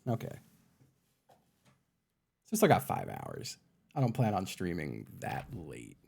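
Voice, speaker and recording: Streamer, young adult man, low gravelly voice with lots of pitch swing, chatty. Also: a little mellow. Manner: chatty, talks sweetly to his cats in a high baby voice. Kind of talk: casual live-stream chat. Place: home room. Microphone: desk microphone.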